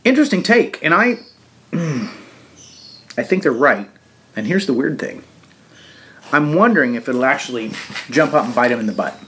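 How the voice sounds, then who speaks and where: A man hosting a show, giving a casual political commentary monologue in a halting way with frequent restarts and fillers. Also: medium pitch, big pitch swings, sharp tone. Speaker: show host.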